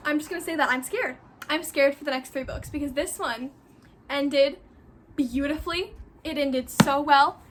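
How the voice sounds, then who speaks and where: Bright high-voiced woman gushing over books. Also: moderate pace, slight background noise. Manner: gushing, effusive, repeats herself for emphasis. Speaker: book vlogger. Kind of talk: casual rambling book talk.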